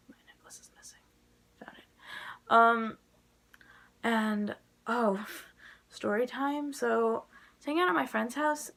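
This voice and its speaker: Young woman vlogger, rambling casual chat, bright and forceful tone with some vocal fry. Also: on the high side. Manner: rambling, chatty, full of "like" fillers.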